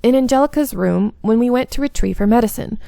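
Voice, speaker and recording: A woman reading visual novel narration aloud, with small slips and stumbles along the way. Her voice is gravelly with vocal fry. The sound is close and dry. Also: fairly high pitch, fast talker, dark tone, no echo. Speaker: game streamer.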